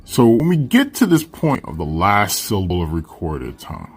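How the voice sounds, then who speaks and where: Guy teaching a lesson, kinda low voice, chatty, keeps saying right? and you know. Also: huge pitch swings, moderate pace, slightly rough, faint music behind. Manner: conversational, checks in with frequent "right?" and "you know". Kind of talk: explaining a text in a recorded lesson.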